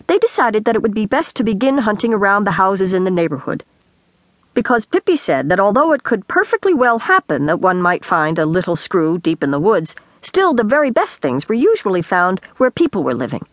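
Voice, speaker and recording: Animated woman reading a children's book. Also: mid-range voice, a little fast, dry recording. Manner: animated storytelling. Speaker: audiobook narrator. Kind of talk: scripted narration. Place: recording studio.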